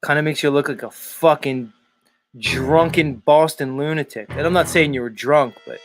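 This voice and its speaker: A man's voice: fairly high pitch, normal speed, over music. A man hosting a live stream show, talking casually in a rambling, profane way and chuckling often.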